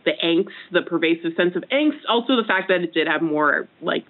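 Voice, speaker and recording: Woman in her twenties, games reporter, casual chat, tinny phone line, animated. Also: fairly quick. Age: 20s. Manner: animated storyteller, quoting herself in higher voice.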